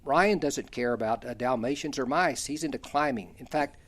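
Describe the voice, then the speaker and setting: A man's voice: medium pitch, moderate pace. An older man hosting a talk show, reading out a folksy, humorous story about kids and chuckling at his own jokes. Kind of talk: reading a personal column aloud, then casual chat.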